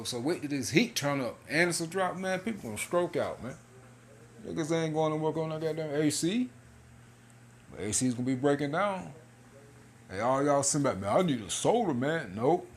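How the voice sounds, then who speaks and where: A man who comments on religious videos reads the news aloud in a loose, half-joking way, laughing and saying "man" and "hey" a lot. His voice is a little high, with a slight hiss or hum.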